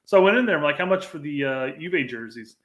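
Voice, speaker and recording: A man's voice: fairly high pitch, lively intonation, fast, a bit bright, lo-fi sound. Teasing, laid-back man from Indiana. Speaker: podcast co-host. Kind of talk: casual chat, storytelling.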